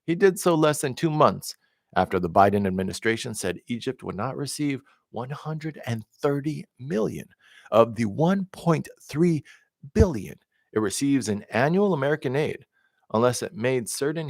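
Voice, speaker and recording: A man's voice: medium pitch, expressive, normal speed, gravelly, dry recording, studio quality. A man reading news articles aloud in a plain voice, with occasional stumbles and repeats and offhand asides. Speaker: independent candidate reading the news.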